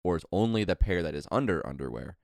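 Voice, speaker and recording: A man's voice: low-pitched, animated, fast talker, gravelly, a little mellow, no echo, clean studio sound. A man co-hosting a podcast, telling a long rambling story in casual chat. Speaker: podcast co-host.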